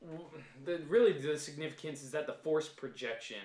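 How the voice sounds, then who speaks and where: A man co-hosting a casual fan podcast, laying out his points step by step in an animated, argumentative way. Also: fairly high pitch, brisk, roomy sound. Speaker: podcast co-host.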